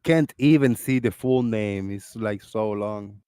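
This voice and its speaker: A man hosting a casual livestream chat, telling stories in an animated way and laughing often. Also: fairly low pitch, measured pace, clear, resonant tone, dry recording. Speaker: livestream host.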